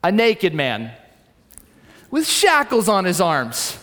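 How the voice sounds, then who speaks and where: High-voiced man preaching in a reverberant hall. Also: huge pitch swings, slow. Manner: storytelling, swings between loud and hushed. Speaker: pastor. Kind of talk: sermon.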